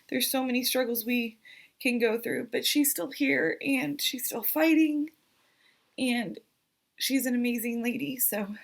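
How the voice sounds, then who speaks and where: A woman's voice: fairly high pitch, gravelly. A pregnant woman in her thirties giving an earnest, emotional vlog update, hesitant and full of fillers. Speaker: vlogger.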